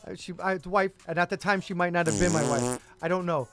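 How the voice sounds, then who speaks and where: A man's voice: high voice, fast, faint music behind. A man co-hosting a radio show, telling long anecdotes in casual banter and cutting in to correct his partner. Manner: animated storyteller who cuts in to correct. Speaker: co-host.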